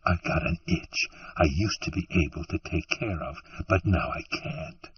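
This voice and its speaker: A man's voice: deep voice, measured pace, slightly rough, full character voice. A man voicing a worn-out, bitter woman saloon keeper with a shrewish manner, heard as a dull, distant recording. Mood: weary. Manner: shrewish, by turns screaming and tearful.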